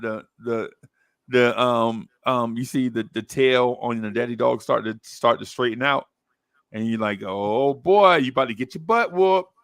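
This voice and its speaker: A man's voice: mid-range voice, a bit bright, clear, resonant tone, no echo, studio quality. A man telling a story in casual chat, acting out voices and laughing often as he goes. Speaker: podcast co-host telling a story.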